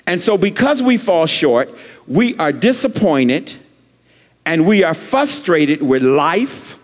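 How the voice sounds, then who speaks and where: A man's voice: fairly high pitch, sing-song, slow. A man preaching a sermon as pastor, with lots of repetition and call-and-response lines for the congregation. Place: church sanctuary. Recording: long church hall reverb.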